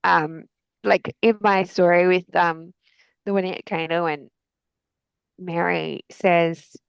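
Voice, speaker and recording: Woman guest author, low pitch, vocal fry, dry close sound, hesitant, lots of fillers. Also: steady tone, slow, no echo, dull audio. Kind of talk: casual faith conversation.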